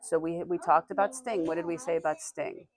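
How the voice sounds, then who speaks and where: A woman teaching a classroom reading lesson, reading passages aloud slowly and stopping to quiz her students. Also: lowish voice, steady tone.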